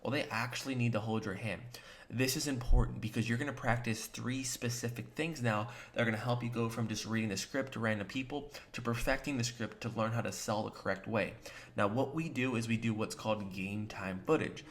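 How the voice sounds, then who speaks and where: Guy coaching new sales agents, pushy and emphatic, mid-pitched, talks right at you. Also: fairly quick. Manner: emphatic and direct, addressing the listener as "you"; acts out short quoted lines with shifts in tone. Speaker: sales trainer and agency co-founder. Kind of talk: motivational coaching talk to camera.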